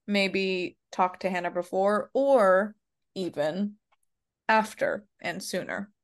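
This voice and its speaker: A woman co-hosting a podcast in casual chat, halting with fillers and restarts. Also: mid-range voice, expressive. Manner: hesitant, many fillers and restarts. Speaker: podcast co-host.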